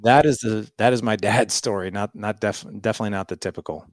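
A man's voice: fairly low pitch, fast talker, no echo, studio quality. A man in his forties, a podcast guest, telling a personal story in casual talk and acting out the dialogue. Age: 40s. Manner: animated, acts out quoted dialogue.

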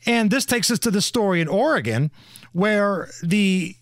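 A man's voice: high voice, lively intonation, unhurried, no room sound, clean studio sound. A man hosting a podcast, talking in a blunt, crude and mocking way. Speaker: podcast host. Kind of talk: casual opinion talk.

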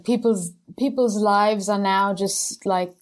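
A woman's voice: medium pitch, steady tone, slow pace. A woman host asking earnest, affirming questions in an interview.

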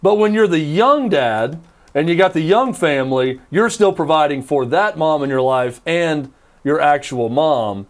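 A man's voice: on the high side, animated, measured pace. A man in his thirties hosting a talk show, telling rambling, self-deprecating stories with emphatic insistence. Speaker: radio talk show host. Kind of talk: casual talk show banter.

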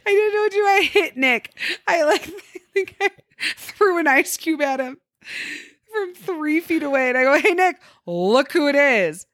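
Animated young woman telling stories. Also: very high-pitched, moderate pace, no echo, studio quality. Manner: animated, laughing, acts out quoted people. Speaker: podcast co-host. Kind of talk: casual storytelling chat.

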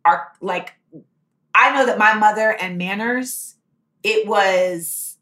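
A woman's voice: medium pitch, slow, roomy sound. A woman hosting a podcast, telling stories in casual chat and acting out the voices of people in them. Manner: animated, acts out voices in her stories. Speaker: podcast host.

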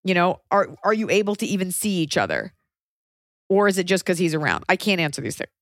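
A young woman co-hosting a podcast and giving casual, blunt advice, often swearing and stacking up quick questions. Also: fairly low pitch, sing-song, no room sound, clean studio sound. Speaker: podcast co-host, comedian.

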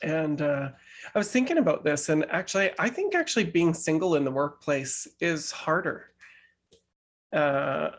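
Playful man with a higher voice. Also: animated. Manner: playful, teasing, quick to laugh. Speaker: podcast co-host. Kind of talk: casual chat.

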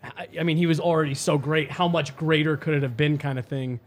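Higher-voiced man musing about hockey. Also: steady tone, fairly quick. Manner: thoughtful, musing, with many restarts. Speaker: podcast host. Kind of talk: casual sports chat.

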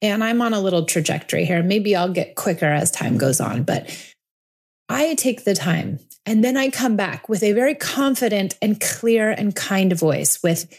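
A woman in her forties hosting a parenting podcast, talking earnestly and reflectively, slowing down to stress her points. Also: mid-range voice, animated, a little mellow. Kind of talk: reflective solo podcast talk.

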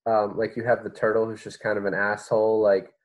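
A man's voice: lowish voice, level tone, brisk. A man co-hosting a casual chat about a movie, wry and hesitant, with many fillers. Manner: wry, hesitant, acts out scenes in mock voices. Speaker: podcast co-host.

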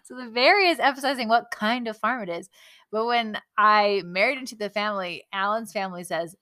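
A woman in her thirties from California, co-hosting a parenting podcast, easygoing and quick to laugh. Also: mid-range voice, sharp tone, no echo, clean studio sound. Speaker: podcast co-host. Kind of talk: casual chat.

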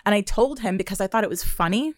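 Young woman, casual co-host, lively storyteller, swears a lot, dry close sound. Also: mid-range voice, fast, no room sound. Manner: animated storytelling, acts out her own outbursts, swears freely. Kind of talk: casual chat.

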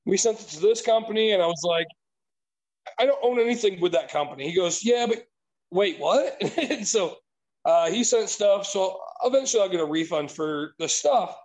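A man's voice: high voice, animated, moderate pace, a little mellow, low-quality recording. A man telling an exasperated, profanity-laced story in casual chat.

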